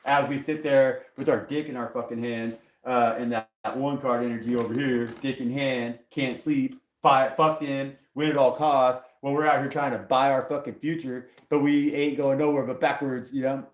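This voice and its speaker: A man giving a casual live tarot reading, profane, rambling and excitable, talking from a table. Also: medium pitch, moderate pace, hardly any pauses. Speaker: tarot reader on a live stream. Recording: echoey room.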